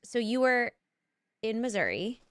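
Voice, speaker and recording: A woman's voice: fairly high pitch, big pitch swings, unhurried, smooth, no echo, studio quality. Enthusiastic woman hosting a podcast chat. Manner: enthusiastic, gushing, asks leading questions. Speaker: podcast host, actress. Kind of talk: casual interview chat.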